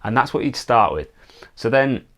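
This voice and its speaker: A man teaching songwriting in a relaxed, step-by-step way, with frequent fillers. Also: medium pitch, normal speed. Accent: non-American English. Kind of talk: casual explanatory lesson.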